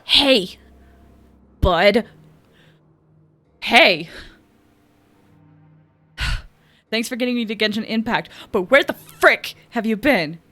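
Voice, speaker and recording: Bubbly woman streamer, squealy and giggly, bright voice, somewhat high, game music behind. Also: lively intonation, slow pace, long pauses. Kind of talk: live gaming commentary.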